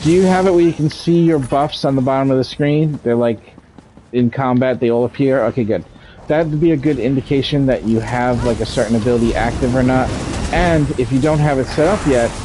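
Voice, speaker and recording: A man's voice: mid-range voice, a little fast, warm tone, a little hiss or hum, poor audio. A man streaming a game, chatting casually, explaining mechanics and swearing freely. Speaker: streamer playing an online game. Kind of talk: casual gameplay commentary.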